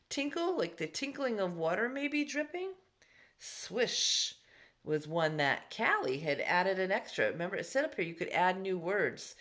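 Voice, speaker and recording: A middle-aged woman teaching a recorded class lesson from home, patient and sounding words out slowly for young pupils. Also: mid-range voice, fairly bright tone. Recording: echoey room.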